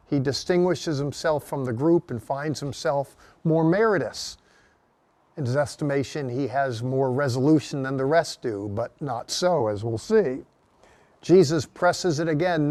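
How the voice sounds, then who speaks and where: A man's voice: mid-range voice, moderate pace, a little mellow, no room sound. A middle-aged man giving an earnest teaching sermon, reading scripture aloud and voicing the quotes with emphasis. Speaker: Bible teacher.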